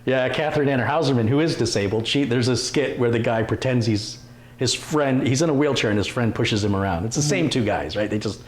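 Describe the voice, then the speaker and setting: A man hosting a casual live stream, reading out viewer comments with quick asides and laughs. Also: mid-range voice. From Detroit, USA. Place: home computer workshop.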